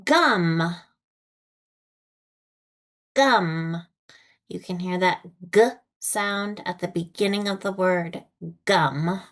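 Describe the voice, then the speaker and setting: American woman teaching phonics, super slow, says every word twice, very clear. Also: on the low side, fairly bright tone. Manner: deliberate, repeats each word with long pauses. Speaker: ESL teacher.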